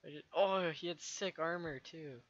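A young man giving jokey live game commentary with loud outbursts, recorded at a home gaming setup. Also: fairly high pitch, normal speed, muffled recording. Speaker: gaming YouTuber.

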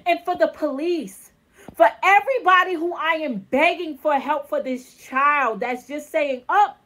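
High-pitched mom in her 30s ranting, exasperated and repeating herself. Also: unhurried, pushed and bright. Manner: exasperated, repetitive, pleading. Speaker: mother venting in her own video. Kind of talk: emotional vlog rant.

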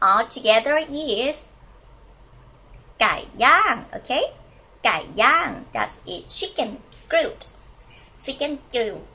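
A woman whose first language is Thai, teaching a language lesson and slowly repeating words for learners to copy. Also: fairly high pitch, animated, bright, forceful tone, low-quality recording.

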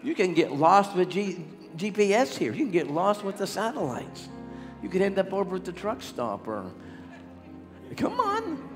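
A man's voice: high voice, wildly swooping pitch, moderate pace. An older man preaching a revival sermon as a healing evangelist, calling out to the crowd. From Pittsburgh area, USA. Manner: exhorting, calls out to the crowd. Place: large church sanctuary. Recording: reverberant hall with music.

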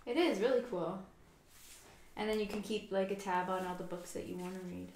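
A woman co-hosting a casual podcast, talking in a quick, chatty way with lots of "like" and frequent laughs. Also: medium pitch, darkish tone, reverberant, slight background noise. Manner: chatty, says "like" a lot, laughs often. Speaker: podcast co-host. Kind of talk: casual chat. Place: quiet room at home.

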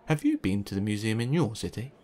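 A man calmly narrating a children's picture book aloud. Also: on the low side, fast talker. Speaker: storytime reader.

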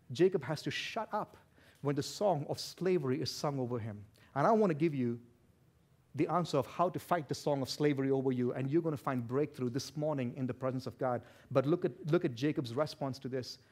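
A pastor preaching a sermon with a non-native accent, loud and passionate, swinging from shouts to hushed asides. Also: male voice, fairly high pitch. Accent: non-native English accent.

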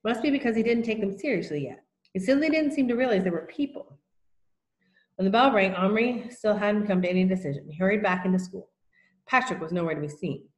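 A woman reading a children's novel aloud in plain, unhurried narration with small slips. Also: mid-range voice, reverberant, low-quality recording. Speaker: reader.

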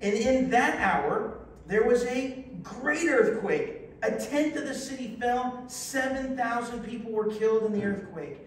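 High-voiced preacher in an echoey hall. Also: male voice, measured pace, distant mic. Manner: lively, exclamatory, joking with the congregation. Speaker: pastor. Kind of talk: sermon, reading scripture with congregation call-and-response. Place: church sanctuary. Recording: very echoey hall, voice from afar, faint hiss.

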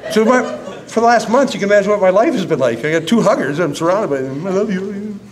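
A man's voice: high-pitched, fast talker. A man in his fifties, a school counselor, giving a humorous conference talk that turns earnest. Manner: animated storyteller, laughing, then earnest. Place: conference room.

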